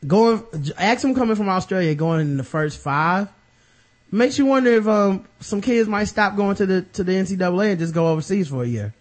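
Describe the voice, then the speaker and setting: A man's voice: high voice, expressive, fairly quick. A man hosting a podcast, talking sports casually with loose, joking asides and trailing thoughts. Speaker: podcast host.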